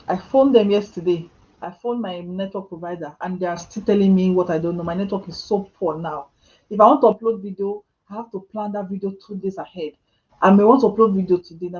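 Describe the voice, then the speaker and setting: A woman's voice: medium pitch, fairly even intonation, fairly quick, dark tone, muffled recording. Chatty Nigerian woman on a live stream. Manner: chatty and self-mocking, laughing often, with Nigerian Pidgin asides. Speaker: vlogger answering live chat questions. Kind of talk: casual live-stream chat. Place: home.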